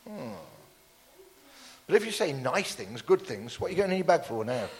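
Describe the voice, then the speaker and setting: A man preaching a sermon in a church, lively and jokey, with playful asides to the congregation. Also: on the high side, normal speed, long reverb tail. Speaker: pastor.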